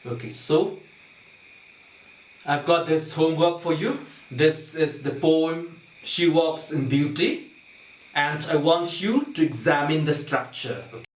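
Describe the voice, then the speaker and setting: A man's voice: on the high side, slow. A male teacher giving a lesson, who asks the class questions, answers them himself and keeps adding "right?" and "okay?". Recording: echoey room, far from the mic.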